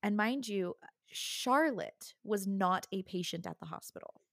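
A woman, a guest in a conversational interview, tells a personal story in an easygoing way. Her pitch sits in the middle, and she comes alive when she acts out what others said. The sound is close and dry. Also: unhurried, creaky, no room sound. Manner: animated, acts out the other people she quotes.

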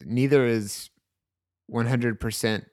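A man co-hosting a casual book discussion, talking in a thoughtful, measured way. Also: medium pitch, steady tone, a little mellow, no room sound, studio quality. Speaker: podcast co-host.

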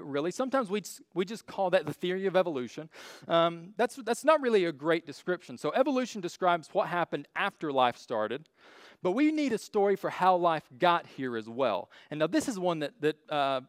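A man's voice: a little high, no room sound, clean studio sound. A man giving a casual lecture with slides, blunt and full of joking asides. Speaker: speaker teaching a class on faith and evolution.

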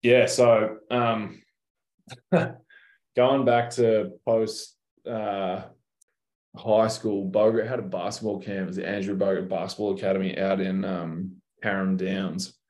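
Young Australian guy, deep and monotone, relaxed storyteller with a salty mouth; echoey room. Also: slow pace. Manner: laid-back, swears freely, tells stories. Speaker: professional basketball player, guest. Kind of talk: casual interview chat. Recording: roomy echo.

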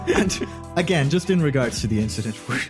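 A man's voice: medium pitch, animated, over music. A man, hosting a tabletop gaming podcast in a chatty, jokey way. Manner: chatty, jokey, quick asides. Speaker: podcast host and player. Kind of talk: casual tabletop podcast chat.

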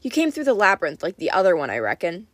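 Woman doing a gruff burly male cowherd. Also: on the low side, huge pitch swings, fast talker, a bit bright, no echo, heavily acted.

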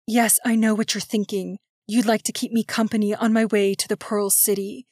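A woman's voice: mid-range voice, flat delivery, moderate pace, darkish tone, dry recording, clean studio sound, close to an everyday voice. A woman voicing a tiny bossy girl who plays the lead in a school musical, speaking with a theatrical, bellowing stage delivery in a storybook reading. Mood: brisk.

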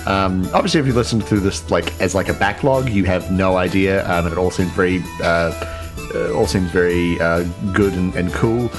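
A man's voice: deep voice, moderate pace. A man hosting a podcast outro in a casual, rambling way with many fillers. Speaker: podcast host. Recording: clear music bed behind.

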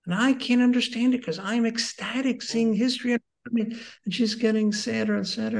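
A man in his sixties, a guest teacher, earnestly telling personal stories in conversation and moving between excited and hushed tones. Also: very high-pitched, fairly quick, gravelly, few pauses.

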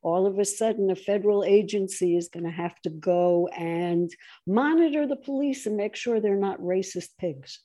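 Mellow-voiced woman, animated political talk. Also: moderate pace. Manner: animated, mocks opponents in shrill voices. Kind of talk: political conversation.

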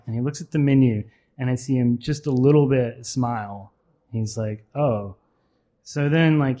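A man's voice: medium pitch, darkish tone. A man at a live literary reading in a pub carriage house, nervously telling a rambling anecdote full of ums and restarts. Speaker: author reading at a literary event.

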